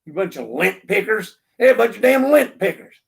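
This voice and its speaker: Fired-up, high-voiced man ranting. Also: moderate pace, gravelly. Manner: animated, emphatic, ranting with playful jabs. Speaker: show host. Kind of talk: casual monologue.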